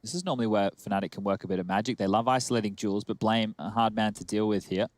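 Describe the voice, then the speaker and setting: A man giving brisk, chatty live play-by-play commentary on an esports match. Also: lowish voice, dry recording.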